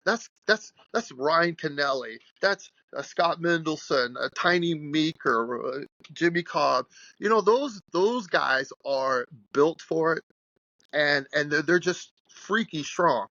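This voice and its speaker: Gravelly, bright-voiced man in his sixties. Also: a little high, slow, dry recording, highs cut off. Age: 60s. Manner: animated, rambling storyteller with restarts. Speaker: guest strength coach. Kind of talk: storytelling in a podcast interview.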